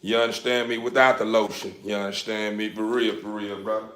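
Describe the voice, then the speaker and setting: A man's voice: lowish voice, flat delivery, brisk, fairly bright tone, roomy sound, a little hiss or hum. A man chatting casually on a livestream to his viewers, rambling and repeating himself, laughing often, speaking into a phone. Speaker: dog breeder livestreaming.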